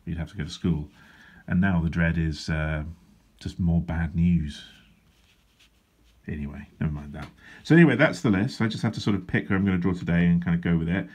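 A man's voice: sits low, a little fast, a little mellow, slightly rough. A man, a comic artist, chatting casually while he draws, full of dry, self-deprecating humour and rambling asides. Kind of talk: casual drawing vlog chat. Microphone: handheld wobbling camera.

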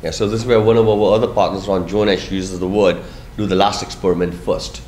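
A man's voice: sits low, steady tone, fairly quick, a little mellow. A man, a business school instructor, explaining steps of a process in a recorded lecture and stressing key words. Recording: echoey room, faint noise.

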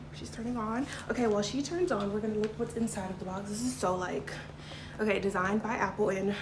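A young woman vlogging to her handheld camera, bubbly and excitable, chatty with lots of "like" and "y'all". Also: medium pitch. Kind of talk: casual vlog talk to camera. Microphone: handheld vlog camera. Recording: echoey room with background noise.

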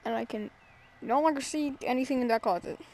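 High-voiced woman gamer reacting jumpily. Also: a little fast, a little mellow. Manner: jumpy, exclaiming, swearing now and then. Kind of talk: let's play commentary.

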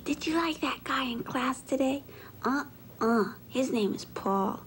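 Very high, sing-song bratty puppet kid, slow-talking, faint hiss. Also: female voice, expressive. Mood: giggly. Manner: whiny, giggly, boastful. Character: squeaky bratty puppet schoolchild.

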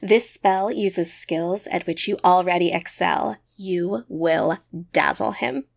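A woman's voice: on the low side, takes it slowly, creaky, full character voice. A woman voicing a flamboyant young female witch who speaks in a confiding, self-assured way.

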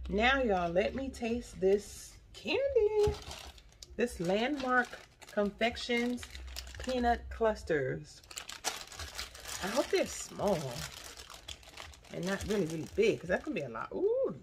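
A woman's voice: medium pitch, a little hiss or hum. A woman, chatting casually in a haul vlog, tasting snacks and sometimes talking with her mouth full. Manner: chatty and expressive, says "y'all" often; talks with her mouth full while chewing. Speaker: vlogger.

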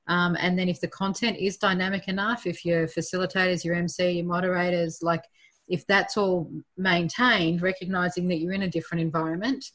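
A woman with an Australian accent moderating an online panel in a brisk, friendly way. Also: on the low side, fairly even intonation, a bit bright. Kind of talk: casual video-call panel chat. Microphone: video call.

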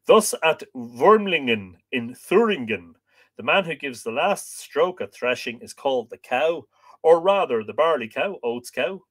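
A man's voice: medium pitch, fairly bright tone. A man hosting a live stream, reading an old book aloud and breaking off to greet viewers and joke. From Ireland.

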